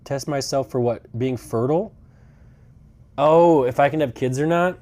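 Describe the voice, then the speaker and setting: A man's voice: mid-range voice, unhurried, warm tone. A young man live-streaming from a rental car, chatting casually, rambling and swearing, with dry sarcastic asides. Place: inside a rental car on a road trip.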